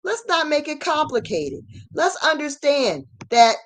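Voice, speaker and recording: A woman giving an emphatic, repetitive ranting commentary as host of her channel, at times rising to shouts. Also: sits high, big pitch swings, a little slow.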